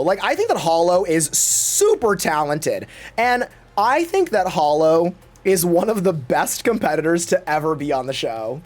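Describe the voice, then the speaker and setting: A man chatting casually on his livestream, gossiping and swearing freely and acting out other people's lines in exaggerated voices. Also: sits high. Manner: gossipy, profane, acts out quotes in exaggerated voices. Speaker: Twitch streamer.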